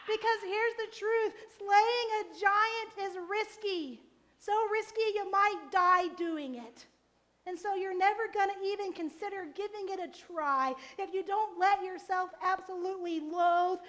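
A woman pastor delivering a sermon, building from quiet questions to impassioned calls to action. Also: very high voice, slow pace. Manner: impassioned preaching, rising to fiery exhortation.

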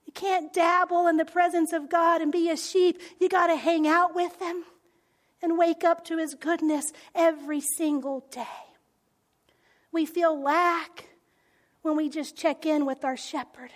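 Woman preaching, very high voice, chatty and animated, goes soft and whispery. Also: a little slow. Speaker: speaker. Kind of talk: conversational sermon.

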